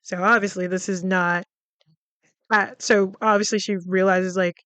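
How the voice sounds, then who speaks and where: A woman's voice: mid-range voice, little pitch movement, unhurried, a bit bright, clear, resonant tone, dry recording. A woman hosting a podcast, recapping a film in a casual, chatty way, full of "like" fillers and freely swearing. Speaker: podcast host.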